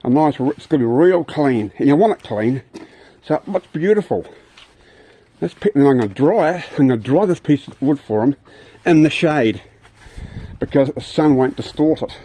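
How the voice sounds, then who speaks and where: A man's voice: on the high side, expressive, moderate pace, dark tone, breathy edge. An older man with a New Zealand accent chatting casually and rambling while working outdoors on his vlog. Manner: rambling, chatty, playful with pets. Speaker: vlogger.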